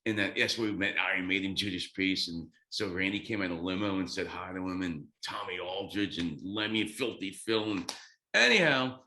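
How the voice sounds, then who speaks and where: A man in his fifties, a guest drummer, telling a story excitedly, swearing freely and acting out quotes. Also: low voice, normal speed, roomy sound. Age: 50s. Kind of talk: animated storytelling.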